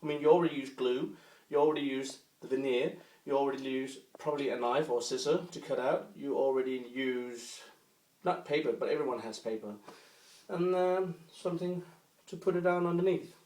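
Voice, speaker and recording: A man casually explaining a hobby craft step by step, then chatting about his day in a relaxed vlog. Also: mid-range voice, brisk. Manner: easygoing, explains step by step with fillers. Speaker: fingerboard vlogger. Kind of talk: casual tutorial and daily vlog chat.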